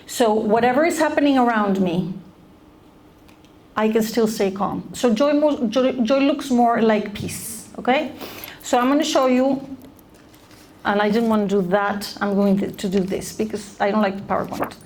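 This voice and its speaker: A middle-aged woman gives a lively talk to a room of college students, often stopping to put questions to them. Her voice sits a little high, and a faint hum of room noise runs behind it. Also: moderate pace. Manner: animated, asks the audience questions. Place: lecture room.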